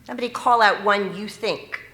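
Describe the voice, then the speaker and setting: A woman's voice: mid-range voice, fairly quick, pushed and bright. A middle-aged woman, a teacher educator, giving an earnest conference talk and asking the audience questions. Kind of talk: conference presentation. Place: conference hall. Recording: echoey conference room.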